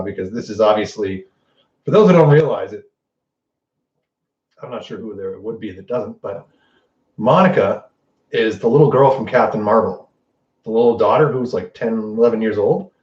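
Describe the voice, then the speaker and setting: A man's voice: fairly low pitch, normal speed, pauses often. A man hosting a show, giving an unscripted and profane recap of a TV episode and acting out the characters' lines as he goes. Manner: animated and profane, acts out quotes. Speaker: host. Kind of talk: casual spoiler recap. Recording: distant roomy dull lo-fi mic.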